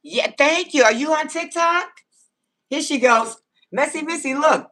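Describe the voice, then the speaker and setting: A woman's voice: sits high, a little slow, fairly bright tone. A woman hosting a casual livestream, greeting viewers by name and answering the chat on her phone. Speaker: livestream host.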